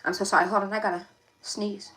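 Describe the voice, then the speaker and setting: A woman's voice: medium pitch, flat delivery, fast talker, fairly bright tone, low-quality recording. A young woman, reading tarot casually to camera in a confiding, emphatic way that repeats itself. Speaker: tarot reader.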